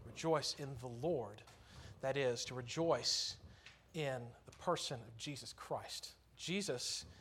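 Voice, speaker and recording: A man's voice: mid-range voice, a bit bright, slight background noise. A man preaching a sermon in church, earnest and conversational, lifting his voice on key phrases.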